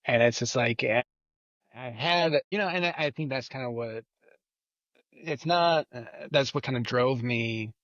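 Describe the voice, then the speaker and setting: A man's voice: medium pitch, a bit bright, dry recording, lo-fi sound. A man chatting as a podcast guest, rambling and leaning on repeated filler phrases. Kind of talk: casual chat.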